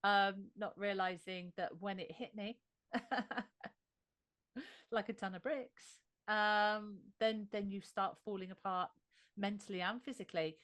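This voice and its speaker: Animated Australian woman, dry close sound. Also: medium pitch, measured pace, no echo. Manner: animated storyteller. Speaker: interview guest. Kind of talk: conversational interview.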